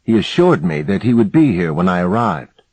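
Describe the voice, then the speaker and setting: Male reader voicing a formal Scandinavian professor, polite and anxious, pitched higher than his deep husky voice. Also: big pitch swings, normal speed, darkish tone, dry recording, heavily acted. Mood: polite, worried.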